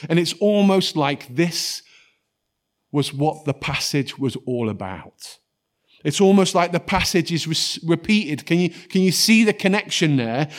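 A man, preaching a sermon in a lively storytelling way and dropping to soft, quiet tones for scripture. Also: sits high.

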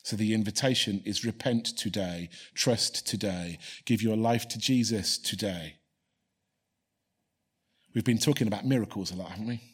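A man's voice: lowish voice, normal speed, breathy edge. A man preaching a sermon and leading a prayer, earnestly repeating key phrases for emphasis. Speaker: pastor.

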